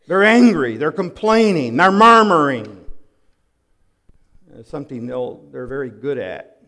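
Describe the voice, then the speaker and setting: A man preaching in a big church hall, his words trailing off into a long echo. His voice sits a little high for a man and carries a gravelly rasp. He takes his time, building from hushed lines to loud, dramatic rhetorical questions. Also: sing-song, takes it slowly. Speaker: pastor. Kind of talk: sermon.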